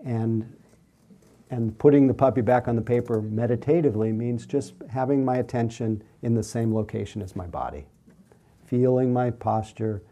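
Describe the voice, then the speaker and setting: A man leading a mindfulness class, with a very dark, mellow tone. He speaks gently and without hurry, easing listeners toward calm. His voice sits at a middle pitch. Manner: gentle, unhurried, soothing. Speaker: meditation teacher. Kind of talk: mindfulness talk with questions.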